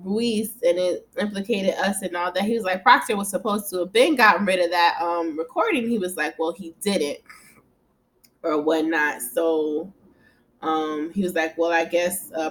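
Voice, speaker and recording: A woman casually recapping a TV episode at home, chatty and animated, often laughing and swearing as she quotes the characters. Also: lowish voice. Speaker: TV recap vlogger. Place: home room.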